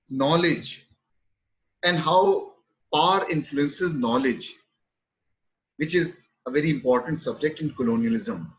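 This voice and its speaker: Measured male literature lecturer, lo-fi. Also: fairly high pitch, a bit bright. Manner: measured, repeats key terms, many pauses with fillers. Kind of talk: academic lecture.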